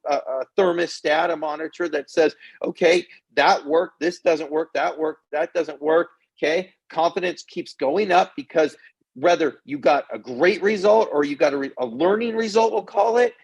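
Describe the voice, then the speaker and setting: Middle-aged male kids' coach, upbeat motivator with a raspy, gravelly voice. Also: a little high, moderate pace. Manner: energetic, repeats "okay?" often. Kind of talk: motivational talk to kids.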